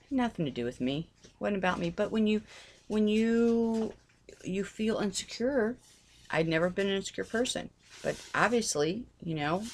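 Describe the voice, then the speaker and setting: Woman, middle-aged, lowish voice; earnest religious vlogger, pleading, repeats herself. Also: slight background noise. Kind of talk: heartfelt personal talk.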